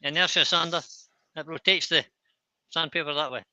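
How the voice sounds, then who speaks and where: A man with a very bright, sharp edge to a slightly high voice talks through his woodturning as he works. He is hosting a casual live stream, explaining each step in plain, easygoing words. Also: steady tone, moderate pace, no room sound. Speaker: host demonstrating woodturning. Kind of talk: casual live-stream chat while working.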